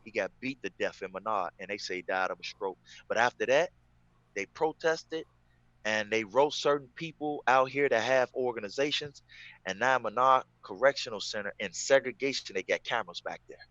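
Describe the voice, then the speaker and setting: A man's voice: mid-range voice, moderate pace, a bit bright, no echo, dull audio. Man with a mid-range voice telling prison stories, emphatic, dry close recording. Casual interview guest. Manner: emphatic, repeats phrases. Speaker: former prisoner telling his story.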